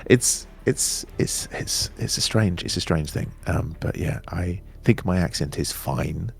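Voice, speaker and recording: Male guest, 30s, RP English accent, low and gravelly, candid and animated. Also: unhurried. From England. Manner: animated, candid, trails off and restarts. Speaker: interview guest, actor. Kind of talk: casual chat.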